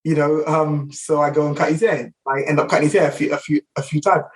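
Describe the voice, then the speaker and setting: A middle-aged London man talks in a rapid rush, piling on fillers and restarts. His voice sits slightly high. He sounds a little distant from the microphone. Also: fairly even intonation. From England. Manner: rapid anecdotal, many fillers. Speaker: guest barber. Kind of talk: casual storytelling interview.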